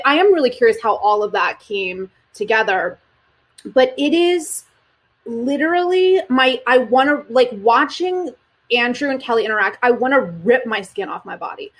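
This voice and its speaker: A woman comedian guesting on a podcast over a video call, chatting bluntly with strong opinions. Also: on the high side. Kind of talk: casual chat.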